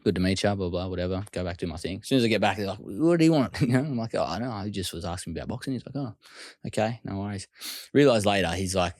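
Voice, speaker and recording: An Australian man, a guest telling stories casually and acting out other people's lines in quick quoted voices. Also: low-pitched, no echo, clean studio sound. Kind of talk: casual storytelling.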